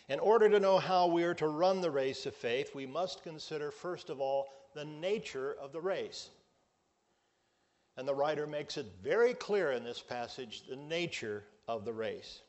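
A male pastor preaching a sermon, measured and emphatic, drawing out his key words. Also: mid-range voice.

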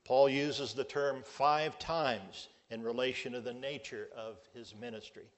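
A male pastor preaching a sermon, measured and emphatic, drawing out his key words. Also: medium pitch, steady tone.

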